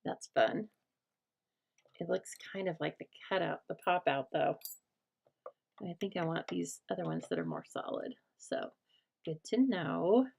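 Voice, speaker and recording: A middle-aged American woman hosting a casual crafting chat, talking aloud as she works and often dropping to a soft murmur. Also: lowish voice, unhurried, creaky, pauses often, slightly rough. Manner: chatty, thinks aloud, drops to a soft murmur while working. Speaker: craft host.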